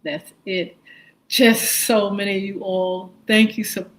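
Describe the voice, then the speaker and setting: A woman's voice: mid-range voice, little pitch movement, a little slow, rough recording. A woman hosting a live morning show, greeting viewers by name and spelling out their usernames in a friendly way. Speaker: radio and livestream show host. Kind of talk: live-stream viewer shout-outs.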